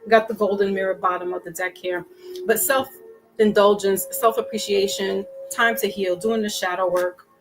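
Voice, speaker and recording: A woman's voice: mid-range voice, fairly even intonation, moderate pace, music in the background, rough recording. Chatty woman giving a casual tarot reading. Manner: chatty, frequent restarts and fillers. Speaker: tarot reader.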